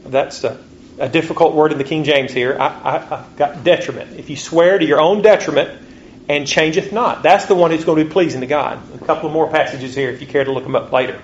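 A male preacher reads scripture slowly during a sermon, his pitch rising on rhetorical questions. The recording is dull and lo-fi, with faint ambient sound.

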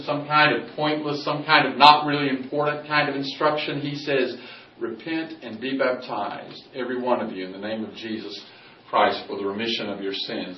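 Man preaching in a roomy hall. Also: a little high. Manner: emphatic, varies volume widely, slows on scripture quotes. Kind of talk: sermon. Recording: roomy, distant, dull recording.

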